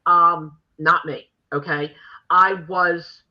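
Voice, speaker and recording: An older woman hosting a podcast, telling stories in a brash, animated way and acting out the quotes in casual chat. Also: lowish voice, takes it slowly, lo-fi sound. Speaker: podcast host.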